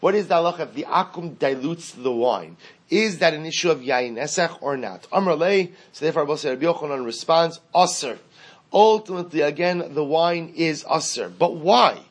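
A man's voice: a little high, lively intonation, normal speed, husky. A man giving a Talmud class lecture, explaining a passage in a singsong study cadence, repeating phrases and asking and answering his own questions. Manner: explains in a singsong study cadence, mixing Aramaic and Hebrew terms. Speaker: Talmud teacher.

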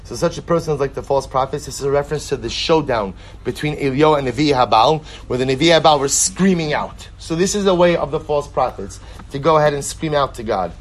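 A man leads a text study lesson in a slightly raised register. He reads each passage aloud, then unpacks it. He often pauses to ask "right?" or to pose a rhetorical question to his listeners. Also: fairly high pitch, lively intonation, slight background noise. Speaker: Talmud teacher.

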